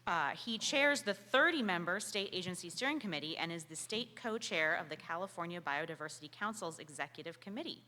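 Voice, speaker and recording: A woman's voice: lowish voice, expressive, a little fast, few pauses, sharp tone. A woman moderating a public meeting in a friendly way, explaining procedure and introducing the next speaker. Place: meeting hall. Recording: reverberant meeting hall.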